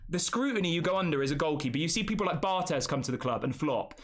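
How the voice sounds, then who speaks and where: A man's voice: on the high side, expressive, fast. A young man hosting a football news channel, reacting emotionally on a live stream and talking straight to his viewers. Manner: emotional, repetitive, addresses viewers as guys.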